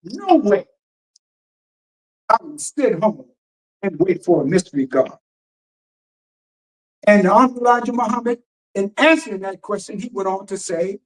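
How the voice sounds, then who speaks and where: On a radio teaching sermon, a minister preaches emphatically, firing rhetorical questions and reading passages aloud to explain them. His high voice has lively intonation at a normal speed with long pauses, and the recording is rough.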